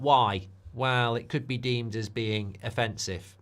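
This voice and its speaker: A man hosting a live stream in a lively voice that swings up and down a lot, talking in a casual, opinionated way. He keeps throwing in tag questions and slides into heated rants. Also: medium pitch, normal speed. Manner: chatty and opinionated, full of tag questions like "haven't they?"; gets heated and ranty when making a point. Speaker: host of a live football watchalong stream. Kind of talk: casual live-stream chat reacting to viewer messages.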